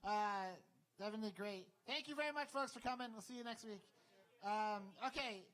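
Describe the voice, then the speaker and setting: A man with a Southern US accent hosting a live comedy show, loose and halting as he introduces comics. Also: high voice, fairly bright tone. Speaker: show host. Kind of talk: emceeing a comedy open mic. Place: comedy club stage, live.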